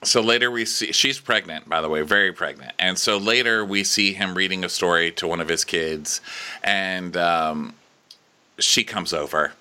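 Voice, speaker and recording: A man's voice: deep voice, normal speed, clear, resonant tone. A man casually recapping a TV episode as a podcast co-host, slipping into mocking character voices. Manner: animated, breaks into mocking put-on voices of characters.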